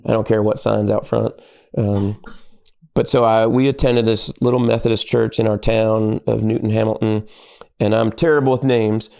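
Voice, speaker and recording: A middle-aged man, a pastor and podcast guest, telling animated stories in casual conversation and acting out the lines of people he quotes. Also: fairly low pitch, gravelly, clean tone.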